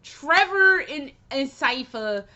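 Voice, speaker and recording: Woman vlogger, excitable and profane, rambling review, high bright voice, muffled lo-fi sound. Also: slow pace. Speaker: video game vlogger. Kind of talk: casual spoken TV review.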